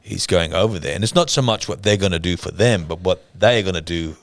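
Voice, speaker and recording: Deep-voiced man telling a dramatic story. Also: quick pace, no room sound. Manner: dramatic storyteller, acts out quotes. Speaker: church podcast co-host. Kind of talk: casual storytelling chat.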